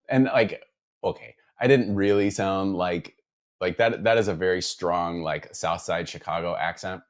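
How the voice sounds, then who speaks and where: A man's voice: deep voice, unhurried. A man from the Midwest chatting casually on a live stream, rambling with lots of fillers and restarts as he reads out viewer comments. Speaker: guitar builder streaming to viewers.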